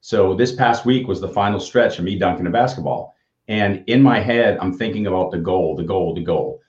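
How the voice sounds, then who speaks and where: A man's voice: sits low, normal speed. A man in his fifties co-hosting a casual livestream chat, telling upbeat motivational stories. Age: 50s. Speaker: co-host. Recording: echoey, dull lo-fi audio.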